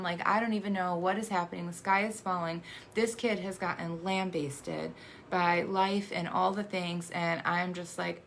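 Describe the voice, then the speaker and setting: An adoptive mother in her thirties shares a personal story, her words halting and full of restarts as she fights back emotion. Her voice sits low and flat, with a gravelly fry. A faint hiss runs underneath. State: emotional, choking up.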